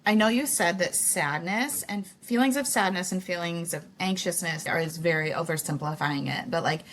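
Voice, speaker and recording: A woman's voice: fairly low pitch, moderate pace, a bit bright. A woman hosting a podcast interview, talking candidly and casually with lots of "like" and "you know". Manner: candid and chatty, many "like" and "you know" fillers. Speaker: podcast host. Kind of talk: conversational interview.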